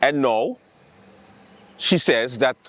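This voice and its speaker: A man hosting a late-night comedy show, ranting about politics in a sarcastic, animated way. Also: medium pitch, slow, slight background noise. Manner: animated, sarcastic, mocking quotes and repetition. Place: outdoors with planes overhead.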